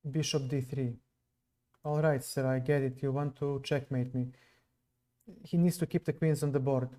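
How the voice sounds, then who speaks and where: Speaking at a moderate pace, this man has a medium-pitched, steady, mellow voice. He's from Serbia, speaks English with a non-native accent, and chats with his audience between moves while streaming a live chess game.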